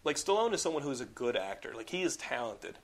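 A man with a mid-range voice talks fast as he co-hosts a podcast, chatting casually about films. He rambles, leans heavily on "like," and swears in an animated way.

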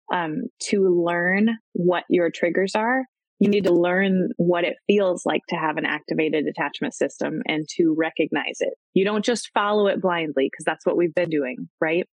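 Woman guest expert, low-pitched, conversational, dry close mic. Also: no echo, rough recording. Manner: acts out quoted voices, frequent "right?" and "um". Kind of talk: conversational explaining.

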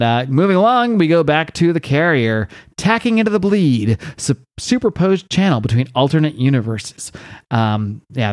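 A man's voice: mid-range voice, no echo, clean studio sound. Rambling male podcast host. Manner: rambling, filler-heavy, animated asides. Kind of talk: casual comic book recap.

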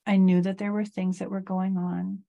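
A middle-aged woman, a guest in an interview, slowly and reflectively telling a personal story of loss. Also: mid-range voice, little pitch movement, gravelly, dark tone, muffled recording.

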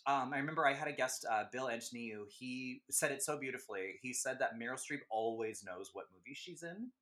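A man hosting a casual film podcast, with a bright, forceful voice. He talks in quick emphatic bursts, laughs often and throws in asides. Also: mid-range voice, expressive. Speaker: podcast host.

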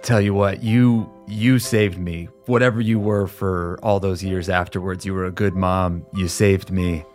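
A man's voice: sits low, steady tone, a little slow, hardly any pauses, faint music behind. A man playing a tabletop role-playing game, speaking in character with blunt, joking lines. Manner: joking, blunt, drops into a soft mumble. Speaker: player.

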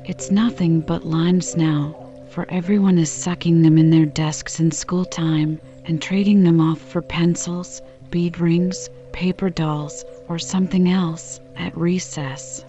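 A woman's voice: on the low side, fairly even intonation, unhurried, few pauses, warm tone, soft background music, lightly acted. A woman reading the lines of an earnest, self-important young girl in an audiobook, in a grave pleading manner. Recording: slightly dull lo-fi recording.

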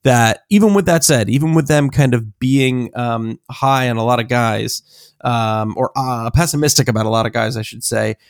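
Podcast guy who ums a lot, dry mic, average pitch. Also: normal speed, clean tone, dry recording. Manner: hesitant, lots of fillers, laughs easily. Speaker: podcast co-host. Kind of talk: casual chat.

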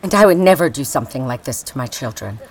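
A woman speaking as a parent in a discussion, earnest and gentle. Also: a bass voice, animated, fast.

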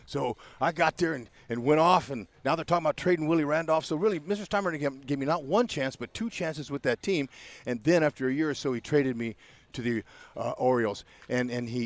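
Excitable older man spinning baseball yarns. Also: on the high side, fast. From California, USA. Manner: excitable, acts out every voice in his stories, peppers talk with "man". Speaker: guest, baseball broadcaster. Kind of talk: animated storytelling interview.

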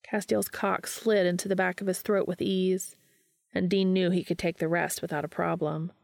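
A woman with a low voice and a gravelly, creaky texture narrates a fan fiction audiobook in a steady, unhurried way. The recording is dry and close, with no room sound. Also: no room sound.

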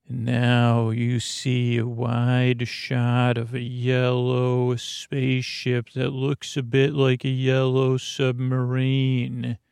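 Slow, creaky-voiced podcast host. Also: male voice, medium pitch, darkish tone, no echo, clean studio sound. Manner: slow, drawling, many fillers. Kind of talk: comic improvised storytelling.

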